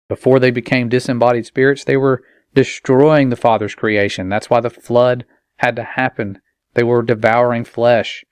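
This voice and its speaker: A man speaking as a parent, earnestly warning listeners in a measured monologue and slowing down for emphasis. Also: medium pitch, smooth, no echo. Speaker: parent and video maker.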